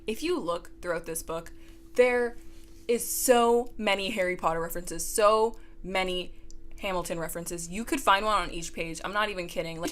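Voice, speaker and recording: A young woman vlogger rants through a book review with exasperated sarcasm, leaning on "like" between her complaints. Her voice is bright and forward. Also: fairly low pitch. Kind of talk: ranting book review vlog.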